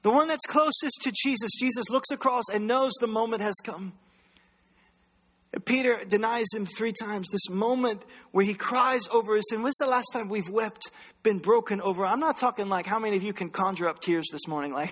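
A man preaching a sermon as pastor, impassioned, swinging between loud bursts and hushed lines. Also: sits high, brisk. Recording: long reverb of a large hall.

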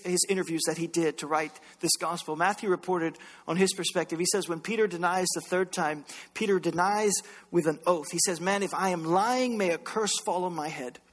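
A man preaching a sermon as pastor, impassioned, swinging between loud bursts and hushed lines. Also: sits high, fairly quick. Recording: long reverb of a large hall.

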